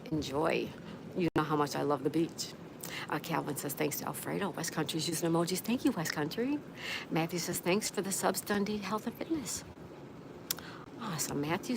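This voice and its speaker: Gravelly low-voiced woman reading chat. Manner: reads viewer comments aloud and answers them. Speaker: livestream host. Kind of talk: casual livestream chat. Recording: clear background noise.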